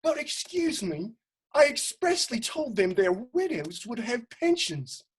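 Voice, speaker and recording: In a comic stage reading recorded remotely on a home setup during quarantine, a woman plays a pompous, blustering male aristocrat official with a put-on upper-class English accent. Her voice sits on the high side with big pitch swings, an unhurried pace, a breathy edge and a heavily acted style. She sounds indignant and self-important, prone to outbursts.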